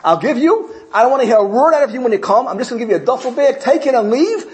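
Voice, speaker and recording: A man's voice: very high-pitched, expressive, rapid-fire, voice pushed up. A man voicing an irritated wealthy man who speaks curtly and impatiently. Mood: fed up. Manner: curt and impatient. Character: irritated rich man, fed up and curt.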